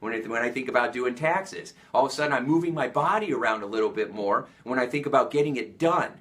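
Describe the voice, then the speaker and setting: A man with an American accent giving an energetic motivational talk, coaching listeners with many questions. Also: mid-range voice, quick pace.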